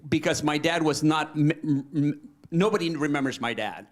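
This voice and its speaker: An older man in a church question-and-answer session, telling a story in a halting, rambling way and quoting his son aloud. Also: on the high side. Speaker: congregant asking a question. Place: church meeting room.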